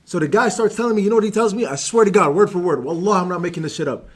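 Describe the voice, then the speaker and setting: A man's voice: high voice, rapid-fire, slightly rough. A young man from Algeria ranting on a live stream, heated and swearing, calling everyone "bro". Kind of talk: casual stream rant.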